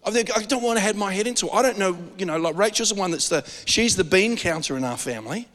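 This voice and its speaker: A man with an Australian accent preaching a sermon as pastor, animated and joking, with frequent restarts. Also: high voice, fast, in a large hall.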